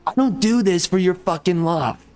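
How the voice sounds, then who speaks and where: A man's voice: high voice, moderate pace, a little mellow, a little hiss or hum. A young man with a profane, heated, repetitive way of talking, delivering an angry rant to the camera. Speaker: gaming YouTuber.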